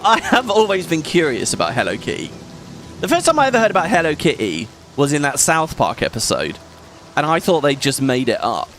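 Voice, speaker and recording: A man's voice: fairly high pitch, wildly swooping pitch, fairly quick, a bit bright, slight background noise. A man hosting a let's play, chatting casually and rambling as he thinks aloud and laughs often while he plays. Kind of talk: casual gameplay commentary.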